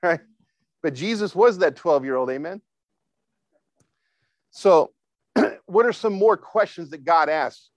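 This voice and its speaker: Speaking slowly with lively intonation and frequent pauses, this man has a slightly high voice recorded with no room sound. He delivers a casual sermon full of fillers and false starts, often prompting his listeners to answer back.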